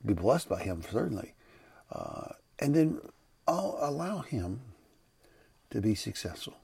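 Speaking at a measured pace but very animated, this older man has a medium-pitched voice that's creaky, a little mellow and slightly rough. He's a pastor rambling unscripted on a devotional podcast, self-correcting in a conversational way, with background noise.

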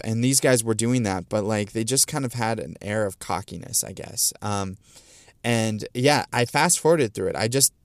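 Low, smooth-voiced man rambling on a podcast. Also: no echo, clean studio sound. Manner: rambling, many ums and restarts. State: clearing throat, hiccups. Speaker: podcast host. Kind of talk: casual solo podcast talk.

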